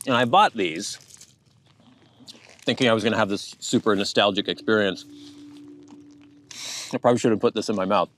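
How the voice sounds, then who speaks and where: A man with a Pacific Northwest American accent talks casually to his viewers in a fairly low voice. His delivery is flat and even with little inflection, and he muses aloud as he goes. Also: moderate pace, pauses often, a little hiss or hum. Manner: musing, thinking aloud. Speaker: vlogger. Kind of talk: casual chat to camera.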